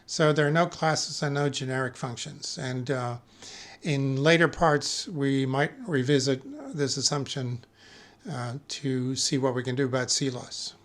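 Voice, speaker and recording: A man giving a technical lecture as a conference speaker, measured and careful, pausing often with fillers and correcting himself mid-word. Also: mid-range voice, fairly even intonation. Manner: measured, with frequent filler pauses and self-corrections.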